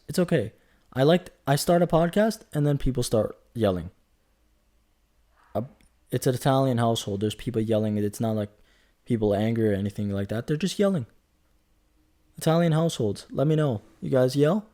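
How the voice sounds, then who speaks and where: A man's voice: medium pitch, mellow. A man in his twenties talking through a casual solo podcast, rambling and chatty, joking as he goes and correcting himself. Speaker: podcast host.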